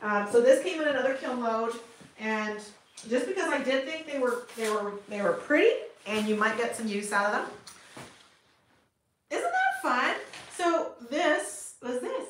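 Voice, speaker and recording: A woman's voice: sits high, big pitch swings, a little slow, a bit bright. Canadian woman chatting live from her studio, upbeat and laughing a lot, roomy echo. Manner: chatty and upbeat, laughs often, talks to viewers in the chat. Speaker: potter streaming live. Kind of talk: casual livestream chat. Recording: echoey room with faint noise.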